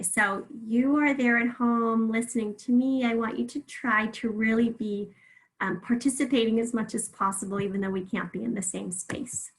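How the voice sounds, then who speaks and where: A woman teaching a remote phonics lesson, patiently drawing words out slowly so listeners can hear each sound. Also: fairly high pitch, a bit bright, poor audio.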